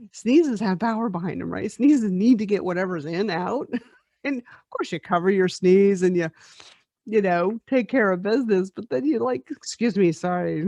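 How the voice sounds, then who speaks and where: A woman's voice: medium pitch, darkish tone, no room sound. A woman in her forties, a podcast host and life coach, telling a personal spiritual story in a reflective way, often laughing and repeating words. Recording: dull lo-fi dry recording.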